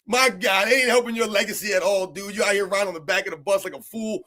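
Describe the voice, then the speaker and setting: A man's voice: high voice, fast, pushed and bright. A man streaming live, ranting about basketball in a heated, mocking way, firing off repeated rhetorical questions. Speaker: sports streamer. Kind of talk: live-stream sports rant.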